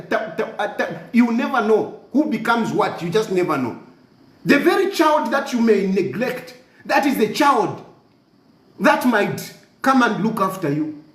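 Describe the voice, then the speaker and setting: A man's voice: extremely high pitch, reverberant. A man with a Zambian accent delivering an impassioned, mocking rant, repeating himself, switching between languages and laughing scornfully. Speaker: commentator. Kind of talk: impassioned social media rant.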